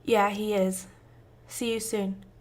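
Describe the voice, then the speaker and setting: A woman voicing a worried middle-aged mother who speaks softly and gently. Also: mid-range voice, little pitch movement, takes it slowly, close to an everyday voice. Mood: calm. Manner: soft and gentle.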